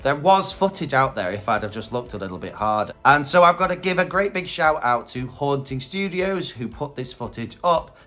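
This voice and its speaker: A man's voice: mid-range voice, bright, forceful tone. A man giving casual reaction commentary on Halloween props, chatty and candid, thinking aloud. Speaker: Halloween prop reviewer.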